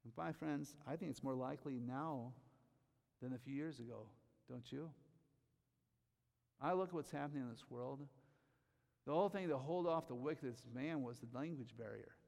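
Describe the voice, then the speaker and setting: A man preaching a sermon, reading scripture slowly and rising to loud emphatic bursts on key phrases. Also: medium pitch, vocal fry, in a large hall. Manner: reads scripture aloud slowly.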